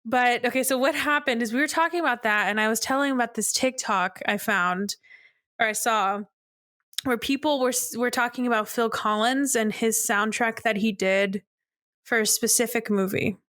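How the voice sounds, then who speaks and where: Bright giggly young woman chatting on a podcast, high-ish voice, dry close sound. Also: moderate pace, no room sound. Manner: giggly, laughs often mid-story. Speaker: podcast co-host. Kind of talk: casual sibling chat.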